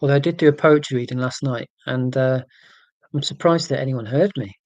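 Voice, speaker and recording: A man in his forties with an English accent from near London, hosting a casual livestream and answering viewer comments in a monotone, deliberately clear way. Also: medium pitch, no echo, rough recording. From England, near London. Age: 40s. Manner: monotone, careful and deliberate about being clear. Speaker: livestream host.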